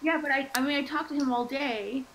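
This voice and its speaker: A woman's voice: high voice, steady tone, fairly quick, a bit bright, slight background noise, rough recording. A woman chatting casually on a home stream, rambling with lots of fillers. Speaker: stream host. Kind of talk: casual chat.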